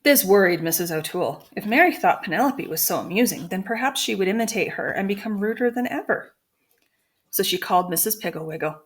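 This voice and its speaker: A woman teacher reading a children's chapter book aloud to her students, clear and expressive. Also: mid-range voice, brisk. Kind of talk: storybook read-aloud.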